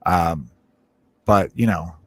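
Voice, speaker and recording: A man's voice: deep voice, slow. A man in his thirties, a comedian hosting a podcast, telling a candid, profane personal story that mixes grief with jokes. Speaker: podcast host; stand-up comedian.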